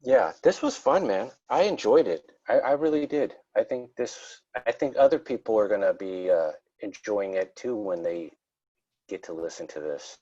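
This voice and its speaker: Hobby podcast host, male, low voice, rambling and self-deprecating, dull lo-fi audio. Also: normal speed, mellow. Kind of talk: casual interview chat.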